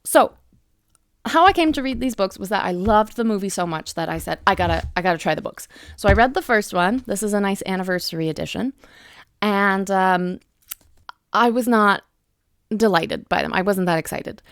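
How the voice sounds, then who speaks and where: Young woman, casual effusive reviewer, dry close sound, mid pitch. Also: animated, normal speed, clear, resonant tone, dry recording. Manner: chatty and effusive, with frequent fillers and restarts. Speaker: book reviewer. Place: home room with bookshelves.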